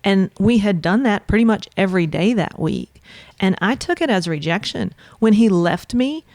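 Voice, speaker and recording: Animated woman telling a story. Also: mid-range voice, normal speed, no echo. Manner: animated, lively storytelling with acted-out thoughts. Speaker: counselor guest. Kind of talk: conversational storytelling.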